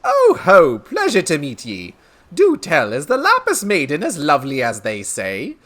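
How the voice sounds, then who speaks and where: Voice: wildly swooping pitch, normal speed. A streamer voicing a boastful older male merchant in a video game, with a folksy old-timey way of talking. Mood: hearty, boastful. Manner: loud and hearty, swooping high.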